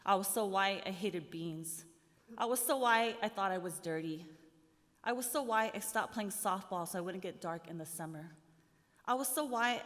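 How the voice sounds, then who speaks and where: A woman's voice: medium pitch, a bit bright. A woman poet giving a live reading of her work, with a rhythmic, sardonic delivery that builds in intensity. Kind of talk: poetry reading to a live audience. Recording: long hall reverb.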